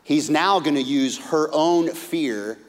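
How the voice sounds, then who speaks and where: A man preaching a sermon, retelling a story with lively, humorous asides and acted-out voices. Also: slow pace. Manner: animated storytelling, acting out characters with big pitch swings. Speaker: pastor. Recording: hall reverb.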